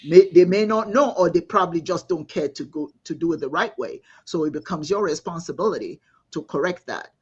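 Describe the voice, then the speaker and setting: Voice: medium pitch, brisk, a little mellow, breathy edge, muffled recording. A host moderating a live panel discussion, affirming the guests and reading out viewer comments.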